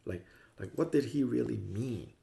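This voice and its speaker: A man's voice: medium pitch, expressive, normal speed, vocal fry, dark tone. A man teaching a Buddhist class in a conversational way, often acting out the views he discusses with playful voices. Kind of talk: dharma class lecture.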